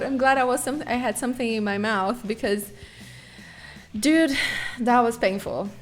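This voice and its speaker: Animated woman streamer. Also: on the high side. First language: Portuguese. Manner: animated, swears freely, acts out sounds and screams. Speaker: live streamer. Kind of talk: casual storytelling to chat.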